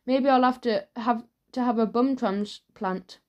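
An earnest, easily wounded shopkeeper man from a children's storybook, played by a woman narrator. He talks gravely and fusses over small matters. The voice sits fairly high. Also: measured pace, darkish tone, lo-fi sound, close to an everyday voice. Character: earnest, fussy adult male shopkeeper.

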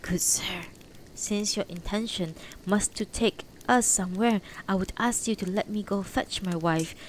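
Woman putting on an old husband, whispered role-play, urgent hush, uneasy, storybook. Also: mid-range voice, moderate pace, slight background noise, lightly acted, poor audio. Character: elderly man, husband, cautious and uneasy.

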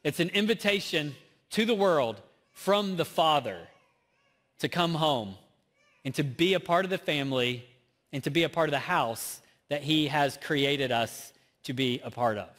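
A pastor from the American South preaches a sermon in a conversational, self-deprecating way, his Southern accent clear. His voice is on the high side and fairly bright at a measured pace, with the long reverb of a large church auditorium.

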